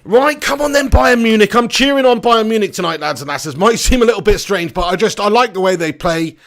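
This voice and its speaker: Talkative male streamer with a slightly high voice, banter-heavy commentary. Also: lively intonation, fairly quick, a bit bright. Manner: chatty, jokey, rambling, banter-heavy. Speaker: football watch-along streamer. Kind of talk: live match commentary and chat.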